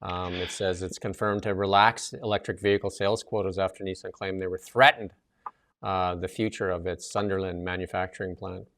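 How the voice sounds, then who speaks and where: A man with a low, gravelly voice co-hosts a casual talk show. He rambles through news items with plenty of fillers and restarts. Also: level tone, fairly quick, fairly bright tone. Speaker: co-host.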